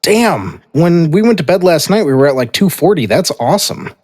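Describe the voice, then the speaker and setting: A man hosting a casual podcast, stopping and restarting his sentences often and filling gaps with "uh". His voice sits at an ordinary pitch. A long reverb hangs on every word. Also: animated, a little mellow. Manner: halting, with many fillers and restarts. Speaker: podcast host. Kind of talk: casual chat.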